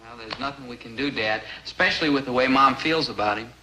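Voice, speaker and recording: A man's voice: mid-range voice, quick pace, bright, forceful tone, natural voice. An actor playing a young lovestruck teenage boy in a 1950s sitcom, delivering dry wisecracks. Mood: glum. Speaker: lead character. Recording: noisy old TV soundtrack.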